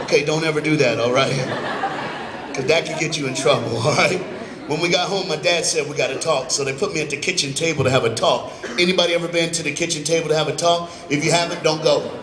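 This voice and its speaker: A middle-aged man giving an emphatic, storytelling motivational speech at a school assembly, recorded in a gym from the audience. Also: fairly high pitch. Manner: emphatic, storytelling, builds to loud bursts. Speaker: motivational speaker. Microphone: phone in the audience. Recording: echoey gym recorded from far off.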